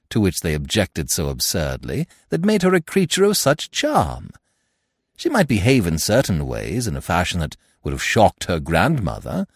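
A man narrating a classic comic novel in an expressive, animated storytelling manner. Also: low voice, dry recording, studio quality. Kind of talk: audiobook narration.

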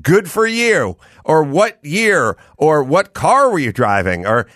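A man's voice: on the high side, very animated, slow, fairly bright tone, no echo, studio quality. A man hosting a podcast, chatting casually and telling profane stories with acted-out quotes. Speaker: podcast host. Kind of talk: casual chat.

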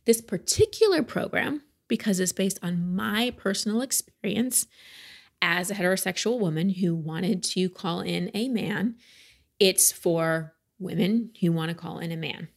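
A woman's voice: lowish voice, measured pace, vocal fry. A middle-aged woman hosting a podcast as a life coach, talking in an earnest, chatty way with small laughs. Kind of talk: podcast monologue.

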